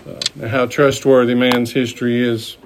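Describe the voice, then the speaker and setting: A man teaching a Bible study class, speaking deliberately with pauses and fillers. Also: medium pitch, little pitch movement, a little hiss or hum.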